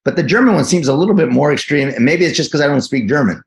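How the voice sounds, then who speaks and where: A man's voice: fairly high pitch, animated, fast, vocal fry. A middle-aged man from New Jersey with a New Jersey accent, an actor guest telling stories with enthusiasm and frequent restarts. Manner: enthusiastic storyteller, many restarts. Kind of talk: casual interview answers.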